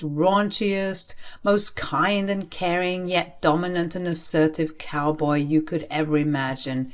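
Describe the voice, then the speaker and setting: A woman tells a first-person story with lots of emphasis and feeling, leaning hard on key words. Her voice sits a little low for a woman. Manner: expressive, emphatic. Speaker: narrator.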